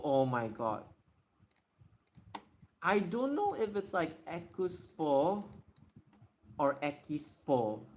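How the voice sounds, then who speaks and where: A man hosting a casual livestream Q&A, thinking aloud and often correcting himself and apologizing. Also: mid-range voice. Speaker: livestream host. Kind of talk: casual livestream Q&A while writing.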